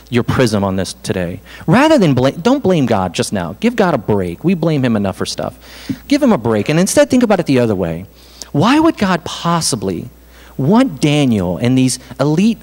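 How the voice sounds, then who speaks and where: A man preaching a sermon as pastor, in an animated, conversational way with self-deprecating asides. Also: mid-range voice. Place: church hall. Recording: reverberant hall.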